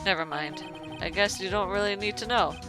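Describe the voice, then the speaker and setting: A woman voicing a stiff, reserved male prosecutor from a game, speaking quietly and in clipped lines. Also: mid-range voice, a little fast, over music, voice pushed down, close to an everyday voice. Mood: subdued. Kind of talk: reading game dialogue aloud.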